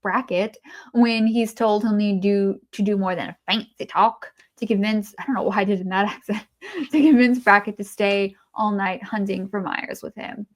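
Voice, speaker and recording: A woman's voice: medium pitch, steady tone, normal speed. A woman hosting an opinionated video essay who talks bluntly and sarcastically in an informal way.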